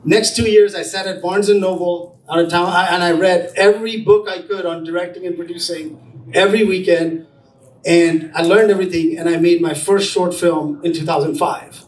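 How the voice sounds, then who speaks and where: A middle-aged man from India, speaking at a business brunch and telling his story in an animated way, acting out the dialogue. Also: high voice, moderate pace. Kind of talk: motivational storytelling to a small audience. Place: event room at a brunch. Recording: roomy, distant mic, faint room noise.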